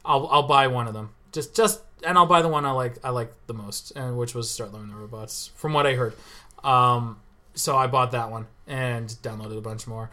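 A man's voice: medium pitch, normal speed, pushed and bright. A man co-hosting a podcast, chatting enthusiastically and playfully about an artist's albums. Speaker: podcast co-host. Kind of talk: casual chat.

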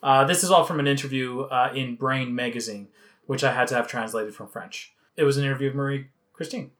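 A man's voice: mid-range voice, fairly quick, a bit bright. A man from Canada co-hosting a casual music podcast, chatting and reading out researched facts about a band. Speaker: podcast co-host. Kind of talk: casual chat.

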